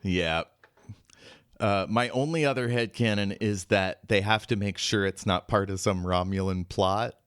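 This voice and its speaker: A man's voice: on the low side, unhurried, fairly bright tone, smooth, no room sound, studio quality. A man hosting a podcast, recapping in a wry, joking casual chat. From United States. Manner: wry, recaps plot with jokes. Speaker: podcast host.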